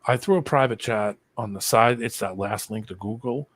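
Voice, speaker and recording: A man's voice: lowish voice, moderate pace, fairly bright tone, breathy edge, dry recording. A man in casual chat on a live stream video call, rambling and conspiratorial as he explains something. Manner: rambling, conspiratorial, talks over the other man.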